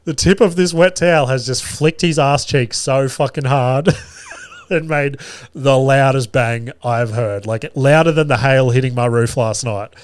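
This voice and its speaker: A man in his thirties hosting a podcast, telling a profane, lively anecdote about his family with frequent laughter. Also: medium pitch, a little slow, clean tone, no echo. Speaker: podcast host. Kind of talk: casual storytelling.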